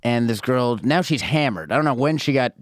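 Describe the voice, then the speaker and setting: A man's voice: medium pitch, brisk, no room sound, clean studio sound. Swearing, laughing storyteller man. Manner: swears freely, laughs through his stories. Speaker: podcast guest. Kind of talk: casual chat.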